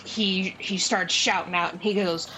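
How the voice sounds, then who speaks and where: Slow-talking woman running a tabletop game. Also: on the low side, fairly even intonation, sharp tone, a little hiss or hum, poor audio. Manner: unhurried, with many fillers and restarts. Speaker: game master.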